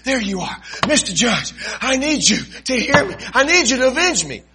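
A man voicing a persistent pleading widow woman in a high, strained falsetto. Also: sing-song, moderate pace, background noise, full character voice. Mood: nagging insistent.

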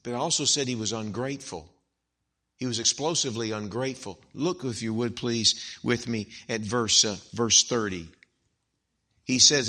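A middle-aged man preaching a dramatic sermon, acting out the voices of the people he quotes and building to loud, emphatic peaks. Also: medium pitch, normal speed. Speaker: pastor.

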